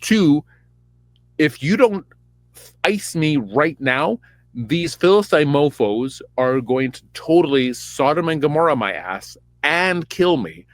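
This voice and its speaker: A man's voice: a little high, lively intonation, slow, no echo. A man voicing a wounded, dying king as a crude, whiny dude who swears and talks in slacker slang. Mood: pleading.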